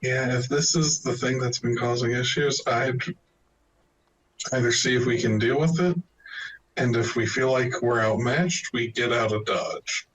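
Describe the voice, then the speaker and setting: A man playing a tabletop role-playing game, thinking things through slowly and hesitantly with many ums. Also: mid-range voice, a bit bright. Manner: slow, thoughtful, hesitant with ums. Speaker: player. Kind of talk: casual tabletop game chat. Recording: distant mic with faint room noise.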